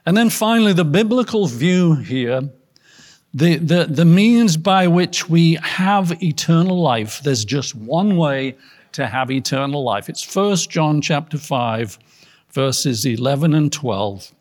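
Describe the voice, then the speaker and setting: A man, a pastor, teaching a Bible study class in an earnest way, asking rhetorical questions, his loudness rising and falling. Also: fairly high pitch, animated, slow pace.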